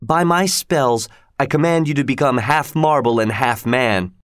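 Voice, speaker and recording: A man doing a high, pleading sorceress queen. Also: unhurried, clear, resonant tone, no room sound, clean studio sound, lightly acted. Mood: cold, commanding. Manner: pleading, pitched high and drawn out. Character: grieving, then vengeful young sorceress queen.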